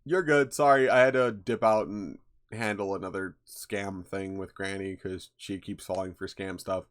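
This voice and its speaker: A man's voice: low-pitched, steady tone, moderate pace. A young man hosting a livestream, chatting casually in a rambling, laid-back way with lots of fillers and swearing. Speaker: livestream host.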